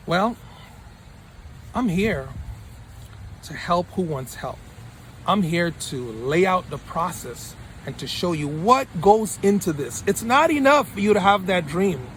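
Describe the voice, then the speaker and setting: An emphatic male mentor giving a motivational talk, with a fairly high voice that often repeats lines for punch. He speaks straight to his viewers as a coach would. A faint hum of passing traffic sits behind him. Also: expressive, measured pace, fairly bright tone. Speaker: study-abroad mentor.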